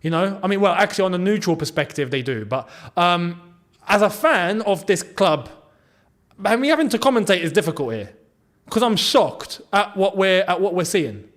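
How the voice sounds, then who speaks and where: A man hosting a live football watchalong, talking through the match and shouting when something big happens. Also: high-pitched, normal speed. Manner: excitable, swings between muttering and shouting at goals.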